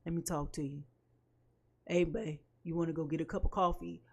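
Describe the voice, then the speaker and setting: A woman voicing a smooth-talking man who is trying to woo an ex back with casual sweet talk. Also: deep voice, fairly even intonation, brisk, darkish tone, voice pushed down. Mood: coaxing.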